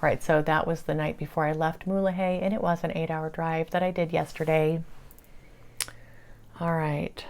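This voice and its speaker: Soft-spoken, lower-voiced woman recounting channeled talks. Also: little pitch movement, clean tone. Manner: halting, repeats 'I said' while relaying dialogue. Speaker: spiritual channeler giving a weekly briefing. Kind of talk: casual recounting of channeled conversations.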